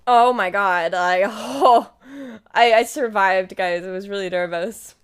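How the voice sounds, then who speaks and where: A young woman in her twenties speaks slowly in a clear, resonant, medium-pitched voice. She chats casually to her livestream viewers, recounting a story and acting out what she and her friends said.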